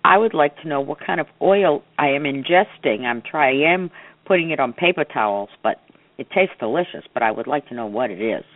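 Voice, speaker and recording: An older woman rambles fondly through a voicemail message, her fairly low voice rising and dipping in wide, lively swings. The sound is narrow and boxy, as if heard through a telephone line. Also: fairly quick. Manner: chatty, rambling, affectionate. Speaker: mother leaving voicemails.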